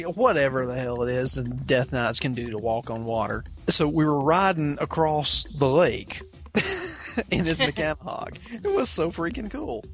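A man's voice: fairly high pitch, fairly bright tone. A man hosting a casual gaming podcast, reading a listener's story aloud and then chatting with laughing asides. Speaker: podcast host.

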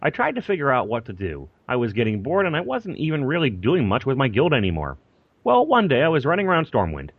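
Lively laughing man on a dull dry mic. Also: mid-range voice, fast talker, breathy edge, dry recording. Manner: chuckling, apologetic, lively reading. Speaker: podcast co-host reading listener email. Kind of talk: casual podcast chat.

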